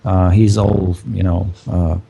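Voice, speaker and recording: A man narrating as game master of a tabletop game, halting with many ums and uhs. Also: sits low, flat delivery, vocal fry, warm tone, a little hiss or hum.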